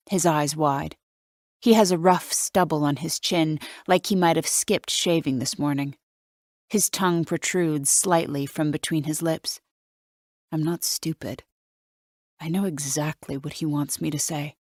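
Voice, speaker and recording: A woman with a low voice reads a suspense audiobook in first person, wry and measured. The recording is close and dry, with no room sound. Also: a little mellow, dry recording. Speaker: audiobook narrator.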